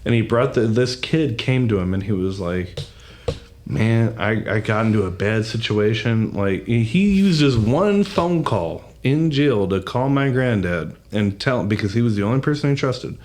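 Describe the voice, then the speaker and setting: Animated man telling stories. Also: medium pitch, normal speed, few pauses. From American South. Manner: animated, profane storyteller. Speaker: podcast co-host. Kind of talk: casual studio chat. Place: marketing studio.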